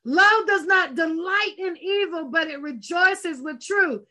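A woman preaching a sermon in a high, bright voice, fervent and emphatic. She talks slowly and deliberately, leaning on repeated phrases and exclamations.

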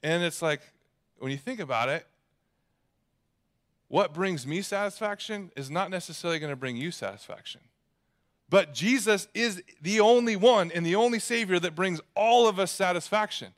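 A man preaching a sermon as a pastor, retelling a story in an animated way. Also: sits high, normal speed.

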